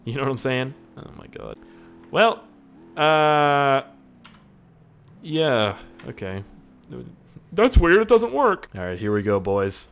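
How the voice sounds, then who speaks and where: Brief: young male gaming YouTuber, lively swinging pitch, loud and profane, mock-despairing commentary into a desk mic. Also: slow, pauses often, clean tone. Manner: excitable, swearing, mock-despairing. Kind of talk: casual gameplay commentary.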